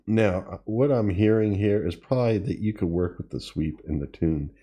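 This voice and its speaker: A man hosting a tutorial, casually demonstrating gear and thinking aloud with pauses and self-corrections. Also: on the low side, warm tone, slightly rough. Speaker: tutorial host. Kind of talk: casual demo while playing. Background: drum machine sounds he is playing.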